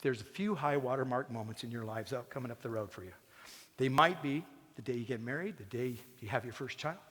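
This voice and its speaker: A man's voice: mid-range voice, brisk, fairly bright tone, breathy edge. A man giving a personal commencement speech from a stage, folksy and joking one moment, earnest and moving the next. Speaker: commencement speaker. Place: theatre stage. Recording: long hall reverb in a theatre.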